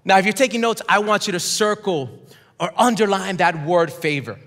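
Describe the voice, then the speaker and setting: High-voiced preaching man in reverberant hall. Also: moderate pace, a bit bright. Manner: emphatic preaching, calls for congregation responses. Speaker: pastor. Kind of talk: sermon. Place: large church auditorium.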